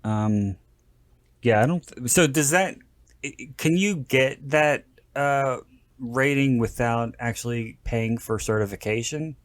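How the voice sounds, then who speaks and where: This podcast host has a mid-range voice and takes his time, recorded dry. His chat is loose and jokey, wandering off track and interrupting himself to begin sentences again.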